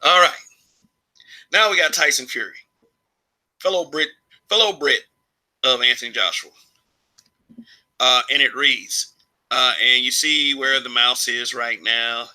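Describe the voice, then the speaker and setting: A man's voice: medium pitch, a little slow, long pauses, sharp tone, rough recording. A man from Alabama giving his opinions in a casual vlog monologue, rambling, restarting phrases and chuckling often. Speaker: vlogger.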